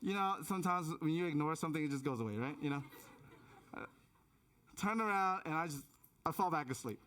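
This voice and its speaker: A man in his thirties delivers a sermon in a church, weaving in a personal story. His voice sits a little high, and he often restarts phrases and drops to a hushed tone when building suspense. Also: lively intonation, brisk. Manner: many restarts and repeated words. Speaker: pastor. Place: church auditorium.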